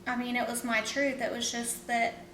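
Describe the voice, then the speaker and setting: A woman's voice: flat delivery, moderate pace, fairly bright tone. A young woman, a vlogger, casually telling a personal story in a rambling, emotional way with many fillers. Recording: roomy echo, faint rumble.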